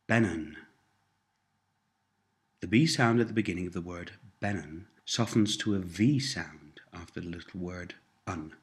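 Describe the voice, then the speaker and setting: Slow, low-voiced man teaching a language. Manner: patient, repetitive prompts with careful explanations. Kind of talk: scripted language lesson drills.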